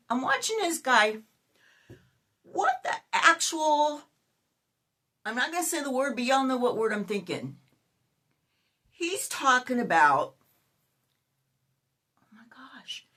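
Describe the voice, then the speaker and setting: A woman in her fifties hosting a casual vlog and ranting in an exasperated, animated way, with sudden outbursts. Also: on the high side, measured pace, pauses often. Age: 50s. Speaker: YouTuber.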